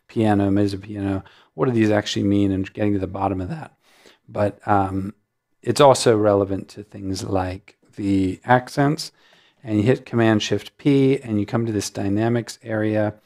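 A man hosting a music notation software tutorial, explaining settings in a relaxed way with frequent ums. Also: on the low side, vocal fry. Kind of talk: screen-recorded software tutorial.

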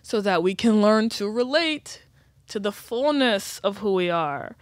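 Woman guest, thoughtful and earnest, mid pitch, dry close mic. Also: lively intonation, a little slow, dry recording. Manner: reflective, earnest, many "like" fillers. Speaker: guest, writer and educator. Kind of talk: casual chat.

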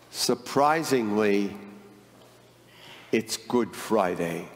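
Slow-speaking priest in a reverberant church. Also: male voice, mid-range voice, animated. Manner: slow, explaining gently to children. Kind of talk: mass with gospel reading and teaching. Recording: long church reverb with music.

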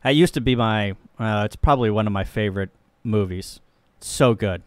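A man from Missouri, a ham radio operator, chatting casually and joking on a live stream while he works the radio and thinks out loud. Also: on the low side, normal speed, no echo. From Missouri, USA.

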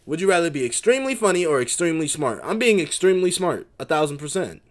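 A brash male streamer reacting live to a video. His somewhat high voice bounces widely up and down as he swears and laughs his way through the questions. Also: sing-song, quick pace, hardly any pauses. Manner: loud, profane, laughs often. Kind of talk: casual livestream reaction.

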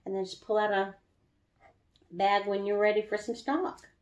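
A woman's voice: medium pitch, little pitch movement, normal speed, darkish tone. Chatty woman in an echoey kitchen. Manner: chatty, laughs often, drawls some words. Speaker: home brewing vlogger. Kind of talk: casual kitchen how-to chat. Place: home kitchen.

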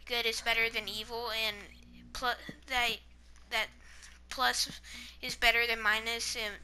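A woman with a high, piercingly bright voice chats through a video game session. She jokes around, teases her friend and slips into silly noises and goofy asides. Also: level tone, a little slow, clear, resonant tone. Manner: playful, jokey banter, silly sound effects. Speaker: gamer. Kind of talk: casual chat while playing a video game.

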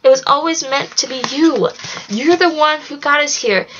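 A woman's voice: high-pitched, moderate pace, a bit bright, slight background noise, pitched above the performer's own voice. A woman reading the lines of a brave, selfless teen boy in a storybook, speaking with earnest urgency. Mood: urgent. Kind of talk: read-aloud storybook dialogue. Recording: dull lo-fi recording.

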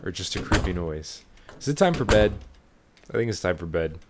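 A man's voice: sits low, very animated, moderate pace, background noise. A man giving casual let's-play commentary, thinking aloud as he explores. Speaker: let's player. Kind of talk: gaming commentary.

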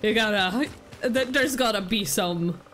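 A woman's voice: mid-range voice, measured pace, loud music behind the voice. A young woman streaming a video game, chatting casually, giggling and breaking off her own sentences. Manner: chatty, giggly, self-interrupting. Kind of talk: casual gameplay commentary.

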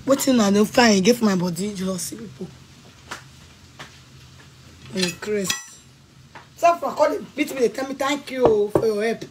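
A woman with a Nigerian accent, ranting angrily and scolding someone in bursts of shouting and threats. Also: medium pitch, normal speed, noisy background. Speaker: vlogger. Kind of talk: angry rant to camera.

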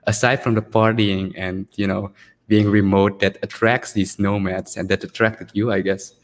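Brief: fairly low male co-host, rambly questions, long room reverb. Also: level tone, normal speed. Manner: rambling questions with many fillers. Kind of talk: casual interview.

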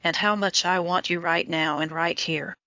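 A woman's voice: lowish voice, steady tone, normal speed, bright, forceful tone, no room sound. A woman voicing an intense, lovesick young man in an audiobook romance, speaking in an urgent, pleading way. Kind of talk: audiobook dialogue reading. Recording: dull lo-fi audio.

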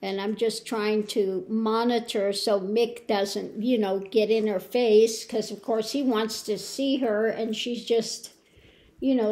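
Woman host, unhurried, slightly high voice, rambling and soft, coos to pets at home. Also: fairly even intonation. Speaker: spiritual tarot channel host. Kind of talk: casual home update.

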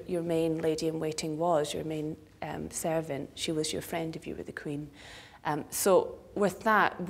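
A woman speaks in a low register, reflecting on a theatre role in an interview. She thinks aloud, and at moments her voice sinks to a near whisper. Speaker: stage actress, interviewee.

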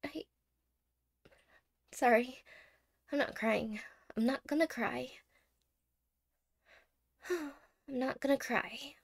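A woman voicing a clingy, anxious young girlfriend in a whispered role-play, soft-spoken, stammering and apologetic. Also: sits high, takes it slowly, gravelly, long pauses, breathy edge, full character voice. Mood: anxious, teary. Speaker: ASMR role-play creator.

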